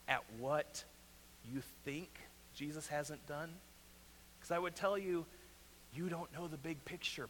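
A man with a Southwest Missouri accent preaching a sermon as pastor, earnest, often repeating a question and dropping to a quiet, pressing tone. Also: a little high. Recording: reverberant hall, faint hum.

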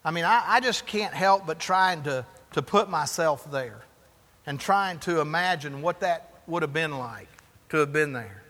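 A man preaching a sermon, asking the congregation rhetorical questions in an animated way. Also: fairly high pitch, a little slow, in a large hall. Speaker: pastor.

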